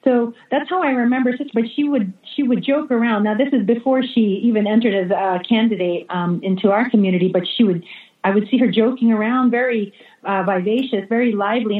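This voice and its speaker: Woman religious sister on an echoey phone-like line. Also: medium pitch. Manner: hesitant, many fillers and restarts. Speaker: religious sister, interview guest. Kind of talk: remote interview testimony. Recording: echoey, phone-like remote call audio.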